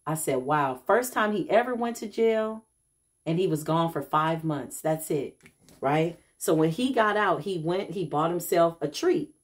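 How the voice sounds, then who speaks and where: A woman's voice: fairly low pitch, expressive, measured pace. A middle-aged woman, a self-described healer, telling a casual vlog story and acting out the people she quotes, calling viewers y'all.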